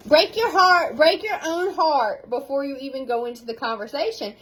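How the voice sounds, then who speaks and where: A woman, a sales team leader giving an animated, casual pep talk at home, repeating key phrases for emphasis. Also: high-pitched, normal speed, rough recording.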